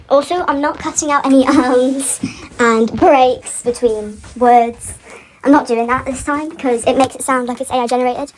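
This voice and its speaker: A woman's voice: sits high, slight background noise, low-quality recording. A woman on a casual, rambling rant about a fan series, full of tangents and frequent laughter. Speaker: fan commentator.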